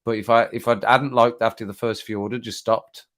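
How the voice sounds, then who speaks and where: A man's voice: mid-range voice, level tone, quick pace, fairly bright tone. A British man hosting a casual live-stream chat from home, rambling and laughing, often repeating himself. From Britain. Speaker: YouTube channel host. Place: home, sitting at desk.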